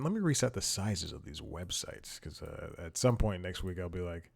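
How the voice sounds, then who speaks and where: A man's voice: on the low side, expressive, normal speed, gravelly, few pauses. A man hosting a comedy podcast. He talks in a casual, rambling monologue, mocks himself, and chuckles between sentences.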